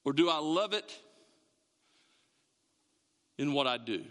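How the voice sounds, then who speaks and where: A man's voice: fairly high pitch, lively intonation, takes it slowly, a bit bright, long reverb tail. A man preaching a sermon in a conversational, joking way, with emphatic bursts when he drives a point home. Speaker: pastor. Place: church sanctuary.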